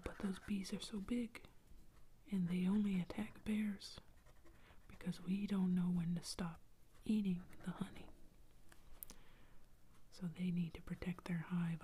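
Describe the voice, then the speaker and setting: A woman's voice: lowish voice, warm tone, slight background noise, lightly acted. A woman voicing a grumpy honey-loving male cave bear in a storybook, as whispered role-play.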